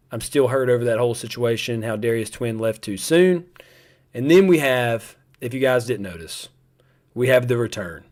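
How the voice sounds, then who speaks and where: A young man hosts a live stream, his voice sitting at an ordinary middle pitch. He chats casually and rambles a little, speaking directly to his viewers. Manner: chatty, rambling, talks straight to viewers. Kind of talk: casual chat to a live audience.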